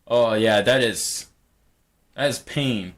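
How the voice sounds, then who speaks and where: A man's voice: medium pitch, takes it slowly. A man hosting a casual live stream, joking around and reading chat messages aloud. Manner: laid-back, jokey, reads chat aloud.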